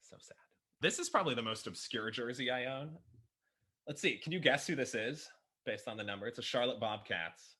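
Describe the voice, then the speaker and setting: A Chicago man, a writer and podcaster appearing as a guest, casually shows off his jersey collection. His medium-pitched voice is animated and fairly quick, pushed and bright with a breathy edge. He's enthusiastic and self-deprecating, and he laughs often.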